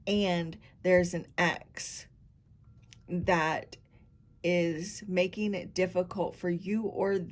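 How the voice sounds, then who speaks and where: Woman tarot reader, lowish voice, unhurried and rambling, speaking to viewers. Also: little pitch movement. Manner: meandering, talks straight to viewers. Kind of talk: tarot reading to camera.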